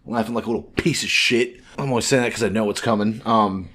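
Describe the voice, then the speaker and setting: A man's voice: on the low side, fast talker, fairly bright tone. A man co-hosting a podcast in casual chat, cursing freely and acting out quoted lines as he retells a story. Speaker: podcast co-host.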